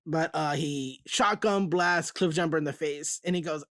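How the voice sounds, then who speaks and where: Animated man retelling a comic, higher voice. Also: moderate pace, dry recording, clean studio sound. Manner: animated retelling, acts out lines from the page. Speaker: podcast host. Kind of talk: casual comic book discussion.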